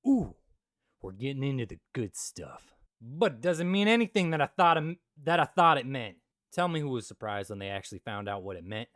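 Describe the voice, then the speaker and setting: A young man hosting a comedic Bible commentary, joking with loud asides and quiet mutters. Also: mid-range voice, sing-song, brisk, no room sound, studio quality. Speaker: Christian video host.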